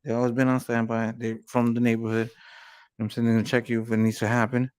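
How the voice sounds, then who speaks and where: A man's voice: mid-range voice, monotone, quick pace, a little mellow, clean tone. Profane, rambling man telling street stories. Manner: profane, rambling storyteller with constant "you know what I'm saying". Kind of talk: casual chat.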